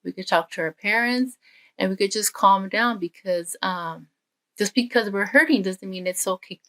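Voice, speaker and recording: A woman's voice: mid-range voice, moderate pace. A woman giving a children's message at church, telling a story and speaking straight to the children. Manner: warm, direct address to children.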